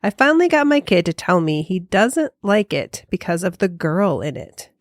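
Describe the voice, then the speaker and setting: A woman's voice: fairly low pitch, very animated, moderate pace, no room sound. Podcast lady reading listener mail, joking around, dry mic. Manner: playful, reads listener mail aloud. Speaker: podcast co-host. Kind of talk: casual podcast chat.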